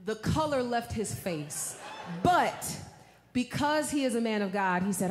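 A woman preaches in a high voice, folksy and direct with the crowd. She drops to hushed tones and rises to shouts. The sound carries a roomy echo. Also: expressive, a little slow. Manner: folksy, addresses the audience as y'all, swings from hushed to shouting. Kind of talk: sermon with storytelling.

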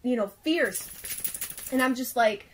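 A young woman with a fairly high voice tells a story in a loose, casual way. She leans on "like" in almost every phrase and sounds earnest and worked up. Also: unhurried. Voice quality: filler-heavy, says "like" constantly. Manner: excited and earnest retelling.

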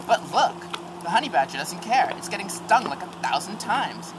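A man's voice: sits high, big pitch swings, moderate pace. A man narrating in a silly amateur script reading, a mock-documentary with disgusted asides, on a noisy amateur recording. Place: on vacation.

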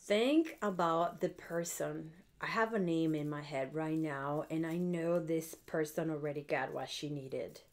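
A woman's voice: low voice, measured pace, hardly any pauses. Blunt, chatty woman. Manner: chatty, blunt, swears freely, checks in with viewers often. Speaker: witchcraft video host. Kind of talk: casual spell tutorial.

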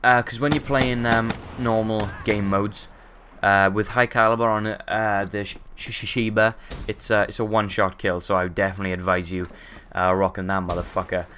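A man's voice: on the low side, little pitch movement, normal speed, hardly any pauses, fairly bright tone, a little hiss or hum. A man with a sore throat and hiccups, giving rambling, sweary casual gameplay commentary full of ums.

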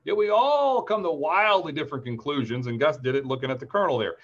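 A man's voice: on the high side, lively intonation, fast talker, muffled recording. A man in his forties from Ohio, giving a webinar market outlook in a chatty, upbeat way and telling anecdotes between the chart talk. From Ohio, USA. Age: 40s. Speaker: market strategist presenter. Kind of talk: webinar presentation.

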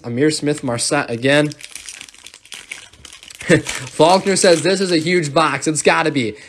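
Young male card-break host, fairly high voice, upbeat and quick to call names, wrapper crinkle behind. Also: a bit bright, a little hiss or hum. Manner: upbeat, rattles off player names, thanks viewers. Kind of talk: live card break commentary.

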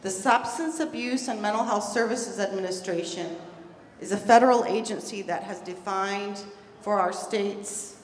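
Speaking at a medium pitch and moderate pace, this conference presenter delivers an earnest, emphatic talk in which she stresses and repeats important words. She's captured from a distance in an echoey hall, with a faint hum in the background.

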